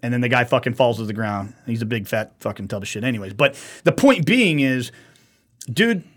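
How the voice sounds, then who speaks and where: A man telling a story on a casual podcast. His voice is husky and a little breathy, and he swears freely as he acts out the people in it. His delivery is animated and talky. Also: mid-range voice, a little fast. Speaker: podcast co-host. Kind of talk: casual profane podcast chat.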